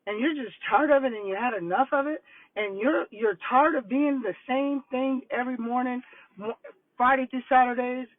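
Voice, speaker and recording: An older woman coaching on vision boards, telling stories in a casual, animated, rambling way. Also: sits high, moderate pace, no echo. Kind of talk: casual livestream talk. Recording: tinny phone-like line, dry.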